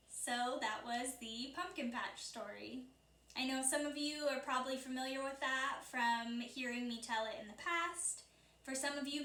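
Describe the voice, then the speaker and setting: Woman teacher telling a story to children, expressive, sits back from the mic in an echoey room. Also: sits high, far from the mic. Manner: expressive, with slowed dramatic build-ups and spooky hushed drops.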